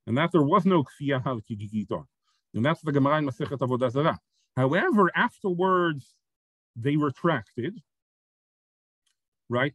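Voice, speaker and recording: A man teaching a Torah text-study lesson. He reads Hebrew sources quickly, explains them step by step in English, and keeps checking in with "right?" and "okay?". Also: fairly high pitch, slightly rough, no room sound, rough recording.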